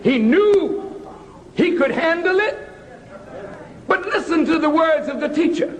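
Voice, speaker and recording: High-voiced man giving a slow, fiery speech. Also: lively intonation. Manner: slow, emphatic, rising to shouts. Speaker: speaker at a public address. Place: large hall with an audience. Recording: archival speech in a large hall with an audience.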